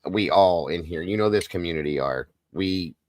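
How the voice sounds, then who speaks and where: Guy hosting a live stream, real low voice, dry close sound, soft and comforting. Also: normal speed, no room sound. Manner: soft, consoling, emotional. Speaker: livestream host. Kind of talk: live stream chat, reading comments.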